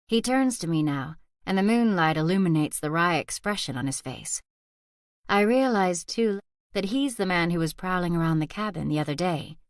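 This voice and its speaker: A woman reading a first-person thriller audiobook aloud as narrator in a soft, steady whispered role-play. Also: lowish voice, moderate pace, no room sound, studio quality. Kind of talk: scripted narration.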